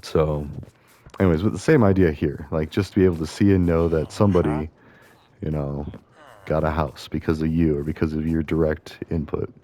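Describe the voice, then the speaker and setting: Low, dark-voiced man musing aloud. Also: steady tone, a little fast. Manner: meandering, thinking aloud with many fillers. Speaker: host playing a video game. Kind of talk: casual rambling commentary over gameplay.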